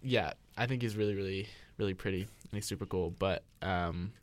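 A man's voice: low-pitched, a little fast, dry recording. A young man co-hosting a candid chat, gushing and giggling as he tells a story. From Canada. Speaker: podcast co-host.

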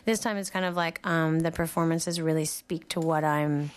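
A woman guest chatting candidly about intimacy, animated, breaking into high squeals when she quotes herself. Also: normal speed, smooth. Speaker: guest, sex educator. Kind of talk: candid casual chat.

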